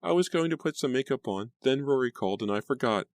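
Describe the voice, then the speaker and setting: A man's voice: mid-range voice, lively intonation, fast, no echo, clean studio sound, voice pushed up, natural voice. A man voicing a timid, mousy teenage girl who speaks anxiously and apologizes.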